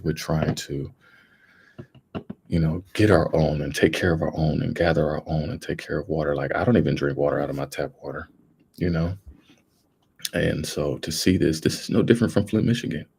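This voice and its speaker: A man's voice: a bass voice, creaky, a little mellow, husky. A young man, hosting a casual livestream and talking earnestly and rambling to his viewers. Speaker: livestream host.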